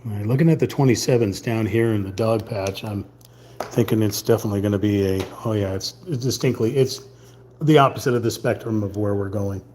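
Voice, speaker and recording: A man giving casual running commentary while painting on a live stream. He mutters quietly to himself and thinks aloud as he works. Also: fairly low pitch, a little fast, slight background noise.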